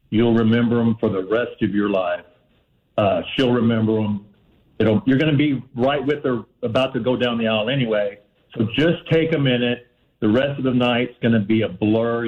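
Male radio caller, earnest advice giver, muffled phone sound. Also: mid-range voice. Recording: dull phone line.

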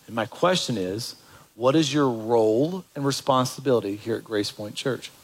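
A man's voice: mid-range voice, normal speed, breathy edge, poor audio. A man preaching a sermon as pastor, in a conversational way that asks the congregation questions.

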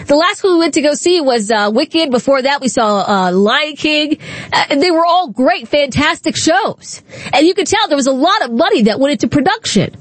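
A woman's voice: high-pitched, expressive, moderate pace, no echo. A woman hosting a radio talk show, taking calls and giving her opinions in a conversational way. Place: radio studio.

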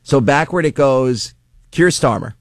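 A man's voice: medium pitch, animated, measured pace, dry recording, clean studio sound. Matter-of-fact male co-host. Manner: matter-of-fact, reads out figures. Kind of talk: casual chat.

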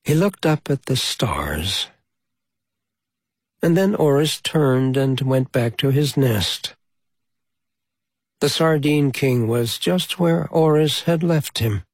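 Slow, husky male storyteller. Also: mid-range voice, very animated, no room sound. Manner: slow, gentle and measured. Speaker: storybook reader. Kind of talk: reading a children's story aloud.

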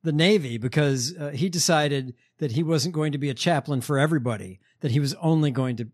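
Halting, sardonic male podcast host. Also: fairly high pitch. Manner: halting, lots of fillers, sardonic. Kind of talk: casual chat.

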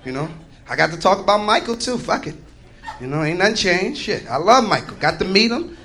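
Very high-voiced, profane stand-up comic. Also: male voice, lively intonation, a little fast, bright, forceful tone, soft background music. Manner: profane, loose, riffing. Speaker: stand-up comedian. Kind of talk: stand-up comedy. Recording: live stand-up with crowd noise.

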